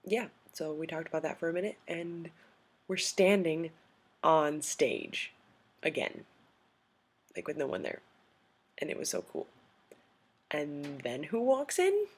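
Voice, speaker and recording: A young adult woman telling a story in a casual vlog, gushing and excitable, full of "like" and "um". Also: deep voice, a little slow, long pauses, husky. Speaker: vlogger.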